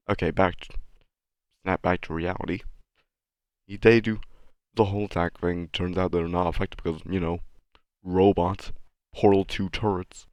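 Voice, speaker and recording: Low-voiced young man, rambling and sarcastic. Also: steady tone, normal speed, no echo. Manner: self-deprecating, rambling, sarcastic. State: a bit sick, coughing. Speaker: channel host. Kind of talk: casual rambling commentary over his animation.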